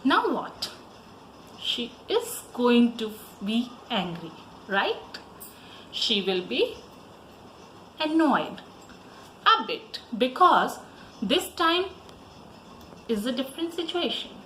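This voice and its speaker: A woman teacher with an Indian English accent, giving a slow, sing-song language lesson to young children. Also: fairly high pitch, roomy sound, a little hiss or hum, poor audio. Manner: slow, lively, sing-song teaching voice with repeat-after-me prompts.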